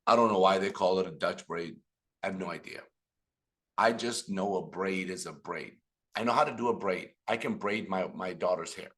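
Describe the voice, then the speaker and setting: A middle-aged man giving an animated motivational business talk on a video call, telling stories and speaking to the audience directly. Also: low voice, normal speed. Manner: animated storytelling with audience asides. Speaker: business trainer.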